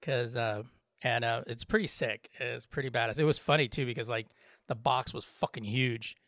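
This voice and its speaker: A man co-hosting a podcast in casual chat, relaxed, laughing often and swearing freely. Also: medium pitch, moderate pace, no echo, studio quality. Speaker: podcast co-host.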